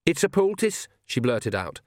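A bashful young witch stumbling over her words, as a man puts her on. The voice lifts higher and tumbles out in halting bursts, full of ums and stalls. It sounds dry and close. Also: expressive, no echo. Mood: flustered. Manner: stammering, hesitant, full of ums. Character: nervous young witch girl, awkward.

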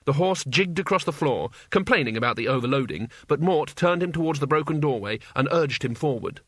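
A man's voice: a little high, expressive, a little fast, no room sound. A man narrating an audiobook in a dry, wry storytelling manner. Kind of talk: scripted narration.

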